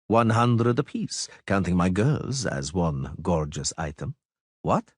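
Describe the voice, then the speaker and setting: A man's voice: deep voice, animated, slow pace, slightly rough, dry recording, studio quality, heavily acted. A man voicing a mysterious, genial nobleman who speaks in an amused, theatrical way. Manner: amused, theatrical, swings from hushed to rousing.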